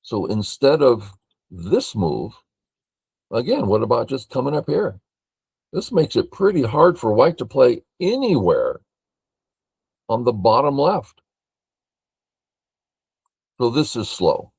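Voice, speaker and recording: An older man from California reviewing a board game as a teacher, thinking aloud in a slow, matter-of-fact way. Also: medium pitch, very animated, vocal fry, darkish tone, slightly rough, dry recording.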